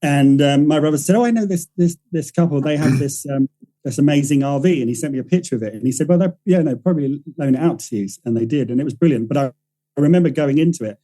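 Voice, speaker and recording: On a casual podcast, a male writer-director tells a rambling story, correcting himself often and doing the voices of the people he quotes. His voice sits at medium pitch with a dark tone and a quick pace, and the recording quality is low.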